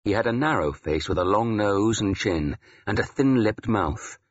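A man reads a first-person historical tale with dramatic, expressive delivery. His low, husky voice rises and falls widely, and the recording sounds dry and slightly muffled. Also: moderate pace, no room sound. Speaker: audiobook narrator. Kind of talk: scripted first-person narration.

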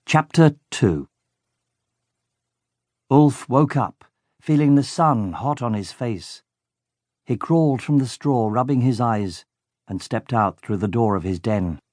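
A man narrating a children's audiobook in a lively, expressive way. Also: medium pitch, a little slow, dry recording, clean studio sound.

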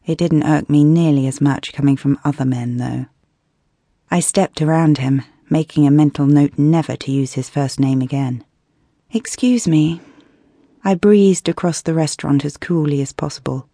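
British woman, audiobook narrator, mellow tone, wry expressive read, dry close studio mic. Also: low-pitched, moderate pace, no room sound. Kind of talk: scripted first-person audiobook narration.

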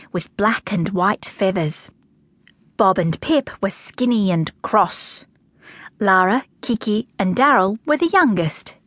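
A woman with an Australian accent narrating a children's storybook in an expressive, animated reading. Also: medium pitch, no echo. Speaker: audiobook narrator.

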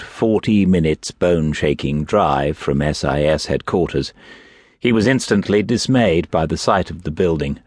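A man narrating an audiobook in a measured, steady storytelling manner. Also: deep voice, no echo, clean studio sound. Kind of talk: scripted narration. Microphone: close studio mic.

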